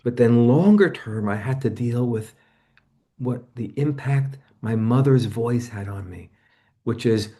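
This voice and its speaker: A man's voice: a little slow, dark tone. A man in his seventies, a guest in an interview, recounting personal experiences in a reflective, conversational way. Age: 70s. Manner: personal storytelling, acts out remembered voices with sudden jumps in pitch.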